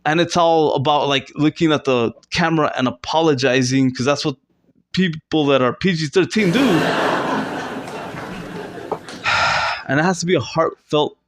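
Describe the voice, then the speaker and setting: A man rambling through an improvised, self-mocking comedy monologue, with fillers and restarts. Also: a little fast. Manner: rambling, self-mocking, with sudden squeaky fake sobbing. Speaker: comedy vlogger. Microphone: close to camera.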